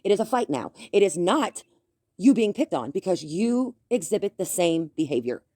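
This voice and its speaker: A woman's voice: lowish voice, big pitch swings, moderate pace, mellow, no room sound, clean studio sound. A woman delivering a confrontational commentary rant, talking with a slight lisp from a bitten tongue. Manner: confrontational, scolding. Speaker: commentary YouTuber. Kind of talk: ranting commentary.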